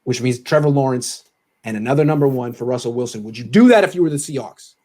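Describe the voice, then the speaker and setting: A man's voice: medium pitch, lively intonation, fast, warm tone. A man hosting a casual sports podcast, rambling and restarting his thoughts. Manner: loose, rambling, restarts a lot. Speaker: host.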